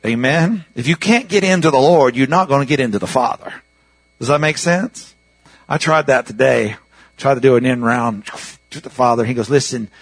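A man's voice: fairly high pitch, husky, dry recording, low-quality recording. Conversational preacher man, dry close sound. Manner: conversational, repeatedly asking the congregation "Amen?". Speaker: pastor. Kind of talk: sermon.

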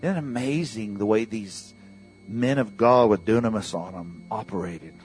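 A man preaching a sermon as pastor of a church, calling out to the congregation for responses and swinging between loud bursts and hushed asides. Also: fairly low pitch, normal speed, faint music behind.

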